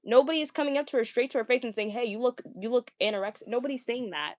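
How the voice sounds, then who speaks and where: A young woman talking casually, ranting to viewers, stammering and repeating words, with a fairly deep voice for a woman. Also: racing, a little mellow, dry recording, studio quality. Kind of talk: casual rant.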